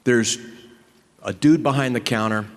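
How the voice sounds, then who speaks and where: A man on a convention panel, telling a profane, animated story with many restarts. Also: mid-range voice, a little slow. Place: large convention hall. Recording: reverberant hall.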